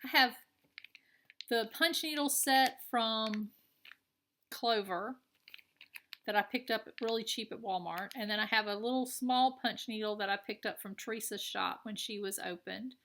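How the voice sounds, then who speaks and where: A woman's voice: on the high side, measured pace, fairly bright tone. A woman with a Southern American accent chatting casually and enthusiastically while showing her craft purchases. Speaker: cross-stitch vlogger. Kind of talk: casual show-and-tell chat.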